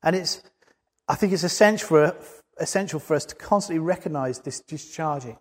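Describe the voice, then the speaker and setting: Brisk and earnest, this preacher builds his sermon to emphatic peaks, his voice sitting slightly high for a man. A long reverb from a large hall trails his words.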